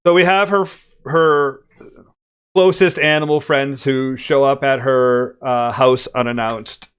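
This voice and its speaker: A man's voice: medium pitch, steady tone, unhurried, clean tone. A man running a tabletop game, brainstorming characters and places in casual chat, laughing often and restarting his sentences. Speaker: game master.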